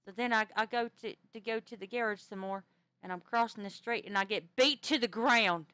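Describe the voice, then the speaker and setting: A woman telling a ghost story in character, animated, with stammering restarts. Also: fairly high pitch, brisk, clear, resonant tone, no room sound.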